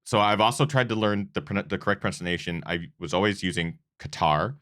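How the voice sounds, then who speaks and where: Show host, very low voice, earnest and rambling, casual delivery. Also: male voice, fast talker, a bit bright, no echo, clean studio sound. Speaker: host of a running channel. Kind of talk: casual awards show chat.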